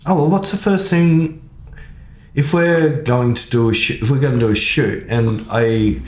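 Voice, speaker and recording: A man co-hosting a podcast in casual chat, talking in a chatty, animated way and acting out quoted lines. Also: medium pitch, a little slow. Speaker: photographer and podcast co-host. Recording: echoey room.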